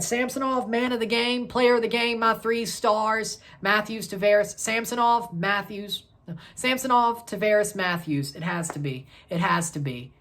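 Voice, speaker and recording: A woman in her thirties hosting a casual sports review vlog, excitable and rambling, correcting herself as she goes. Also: medium pitch. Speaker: sports channel host.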